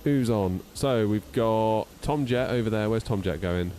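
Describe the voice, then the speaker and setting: Man, 30s, low voice, chatty live-stream host, reads checklists aloud. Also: measured pace, mellow, slight background noise. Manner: chatty, self-deprecating, talks through checklists. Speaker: flight-sim streamer. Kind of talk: casual live-stream chat.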